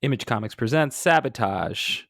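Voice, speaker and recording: A podcast co-host who is a little sick and congested, chatting casually with frequent restarts. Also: male voice, mid-range voice, moderate pace, creaky, no room sound, studio quality. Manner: relaxed, hesitant, frequent restarts. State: congested, sniffly. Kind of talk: casual chat.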